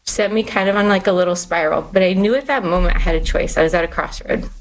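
A woman's voice: lowish voice, poor audio. A woman guest on a podcast, candidly telling her personal faith story with many fillers. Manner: candid, quick, filler-heavy.

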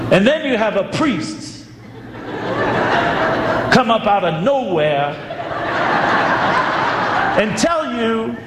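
A man voicing an older woman friend with a Southern Kentucky drawl, talking in an affectionate, emphatic way. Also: high-pitched. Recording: echoey hall with long reverb.

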